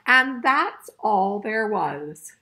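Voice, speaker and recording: A woman's voice: medium pitch, very animated, very slow, pushed and bright. An older woman reading a picture book aloud to children, playful and chuckling, asking her listeners questions as she goes. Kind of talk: interactive read-aloud for children.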